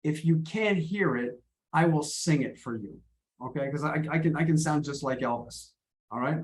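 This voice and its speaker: A man coaches an English class over a video call, encouraging and quick to repeat his words. His voice sits on the higher side for a man. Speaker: English teacher.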